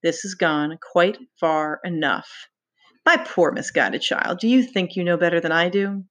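A woman's voice: on the low side, a bit bright. A woman voicing a mocking, menacing pig's-head beast. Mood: taunting menace. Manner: mocking, menacing, slow and deliberate. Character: taunting sinister pig's-head beast, male. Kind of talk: dramatic read-aloud.

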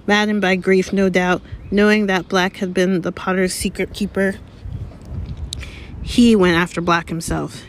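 A woman's voice: medium pitch, level tone, measured pace, slight background noise, natural voice. A woman voicing a pompous, anxious middle-aged male government minister in an audiobook, grave and official in manner. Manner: grave, official, speaks bitterly and sharply.

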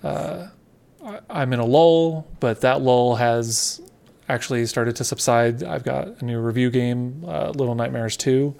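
Male podcast co-host with a strong vocal fry, relaxed and conversational, mid-pitched. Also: measured pace. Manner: relaxed, conversational, loosely descriptive. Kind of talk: casual podcast chat.

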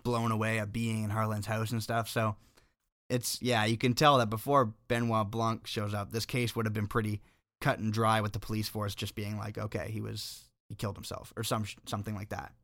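A man's voice: on the low side, little pitch movement, a little fast, a bit bright, dry recording, studio quality. A man co-hosting a movie podcast, chatting in an easygoing way. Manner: easygoing, laughs along. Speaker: podcast co-host. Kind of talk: casual chat.

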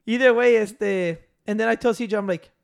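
A man's voice: sits high, fairly quick, vocal fry, smooth. A man ranting and telling stories in casual chat, swearing a lot and acting out what people said. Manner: profane, ranting, storytelling with acted-out quotes.

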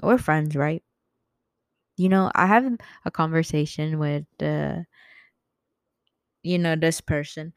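Giggly rambling young woman, slow and dry. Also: low voice, clean tone, no room sound. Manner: giggly, rambling, loses her train of thought. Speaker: podcast host. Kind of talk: casual solo podcast chat.

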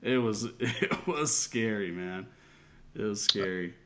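Low-voiced man laughing through a story. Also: expressive, slow pace, fairly bright tone. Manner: laughs often, easygoing. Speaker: military aviation veteran. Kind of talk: casual conversation.

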